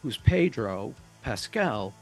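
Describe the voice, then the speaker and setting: A man's voice: on the low side, very animated, slow, soft background music. A man co-hosting a casual review chat, explaining eagerly and rambling with restarts. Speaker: podcast co-host.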